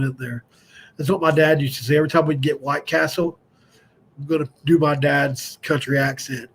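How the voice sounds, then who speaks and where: A middle-aged man talks through a loose, digressive live-stream chat. His fairly high voice has a gravelly edge. He is candid and self-deprecating. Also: fairly even intonation, normal speed. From West Virginia. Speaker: host of a fan show.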